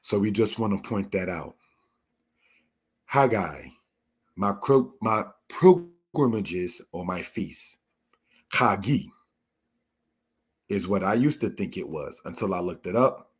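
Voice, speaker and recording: A man teaching a Torah lesson, explaining word meanings in a measured way and addressing his listeners as brothers and sisters. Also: low-pitched, animated, slightly rough. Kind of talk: slow spoken Bible lesson.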